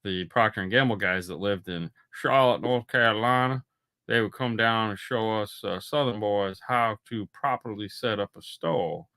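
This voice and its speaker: A man's voice: fairly low pitch, moderate pace, smooth. A man co-hosting a casual podcast chat, telling stories and slipping into imitation voices. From Florida. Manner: animated storyteller, slips into imitation voices. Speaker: podcast co-host.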